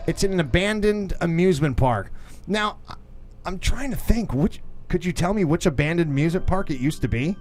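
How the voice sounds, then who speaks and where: A man in his thirties co-hosting a podcast in a studio, a lively storyteller who swears freely and acts out the voices in his stories. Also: high-pitched, a little fast, a little hiss or hum. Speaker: podcast co-host. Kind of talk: casual chat.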